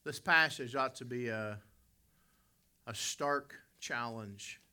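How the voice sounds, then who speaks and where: A man's voice: medium pitch, slow, bright, forceful tone, clear, resonant tone. An American man from West Virginia, middle-aged, preaching a sermon and telling a personal story to his congregation, often correcting himself as he goes. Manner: storytelling, self-correcting, addresses congregation directly.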